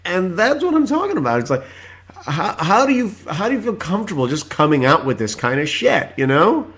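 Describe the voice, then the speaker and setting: Fairly high-pitched and sing-song, a podcast host in his forties speaks briskly as he rants through stories. He rambles casually, stuffs in filler words, and erupts in loud, exasperated outbursts.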